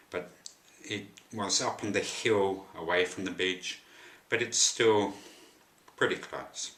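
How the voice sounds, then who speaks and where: A man's voice: low voice, bright, forceful tone. A man telling a personal story to camera, rambling with wry asides, in an echoey room.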